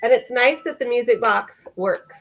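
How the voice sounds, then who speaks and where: A woman's voice: fairly high pitch, normal speed, creaky, fairly bright tone, faint music behind. A woman co-hosting a live vintage sale, chatting enthusiastically as she describes items. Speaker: vintage seller co-host.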